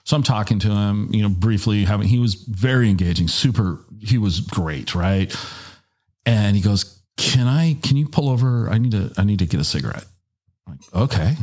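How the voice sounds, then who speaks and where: A middle-aged man tells a story in a relaxed, lively way. His voice is low and husky, and he jumps higher when he quotes others. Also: moderate pace. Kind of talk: casual storytelling.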